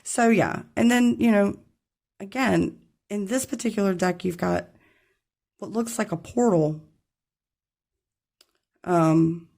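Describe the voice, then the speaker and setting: A woman's voice: medium pitch, slow, vocal fry, long pauses, a little mellow. A woman giving a casual tarot reading to her camera, chatty and rambling, apologizing when she gets tongue-tied. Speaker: tarot reader. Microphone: camera mic.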